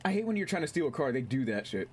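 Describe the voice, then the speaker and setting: A man casually commentating his gameplay on a stream, excitable, swearing, laughing and reading chat aloud. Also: medium pitch, rapid-fire, husky.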